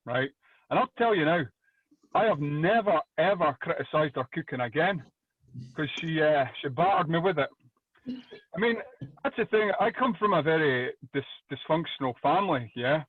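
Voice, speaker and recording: A Scottish man doing loud, energetic stand-up comedy over a video call, swearing freely. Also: on the high side, moderate pace, dry recording. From Scotland. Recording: dry tinny phone-like call audio.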